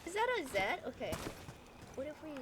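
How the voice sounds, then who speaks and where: A woman streaming a game live, chatting with her viewers, excitable and laughing often as she plays. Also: high voice, a little fast, very noisy. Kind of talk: live gameplay commentary.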